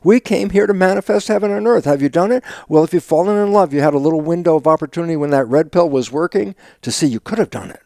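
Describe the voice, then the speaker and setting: An older man talks as an interview guest, his voice gravelly and a touch high for a man. He acts out his own dialogue, breaks into sudden loud bursts and laughs often. The recording is dry and close, with no room sound. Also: fast, few pauses, no echo. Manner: laughs often while talking. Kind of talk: animated conversational storytelling.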